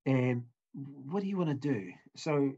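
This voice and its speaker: A man narrating as game master of a tabletop game, halting, with many fillers and restarts. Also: medium pitch, expressive, dark tone, lo-fi sound.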